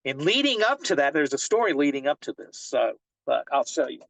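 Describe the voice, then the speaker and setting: A man's voice: a little high, big pitch swings, a little fast, creaky, fairly bright tone, dry recording, poor audio. A man working as a fishing guide, telling a long story in a casual interview and rambling with many restarts and fillers.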